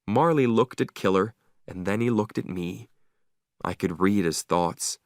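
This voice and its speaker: A man narrating a simple story slowly and clearly for English learners, with an expressive reading. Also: fairly low pitch, no room sound, studio quality.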